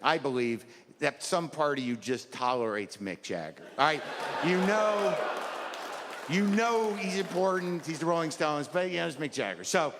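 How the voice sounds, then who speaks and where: A man in his sixties works a comedy stage with a neurotic, self-deprecating rant, and his voice sits fairly high. The sound rings with long reverb from a big hall. Audience laughter and steady room noise fill the background. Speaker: stand-up comedian. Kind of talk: stand-up routine. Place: large comedy venue with live audience. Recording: roomy stage recording with crowd laughter.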